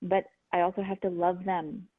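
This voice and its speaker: A middle-aged woman, a guest, telling her personal story in an earnest, halting way with many restarts. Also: lowish voice, flat delivery, no echo. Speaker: guest, healer and medium. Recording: phone-line sound, dry.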